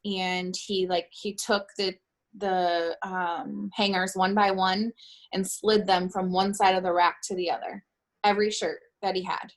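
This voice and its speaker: A middle-aged woman being interviewed, recounting a painful personal account in a halting way and often stopping to correct herself. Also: medium pitch, level tone. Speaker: interviewee, bereaved mother.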